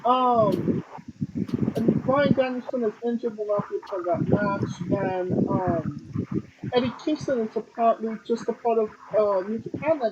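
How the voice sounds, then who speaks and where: A man's voice: very high voice, measured pace. A man co-hosting a podcast, reading through wrestling news in a rambling way, full of ums. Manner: rambling, filler-heavy delivery with frequent ums. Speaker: podcast co-host. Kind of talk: casual wrestling news chat. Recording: dull lo-fi audio with clear noise.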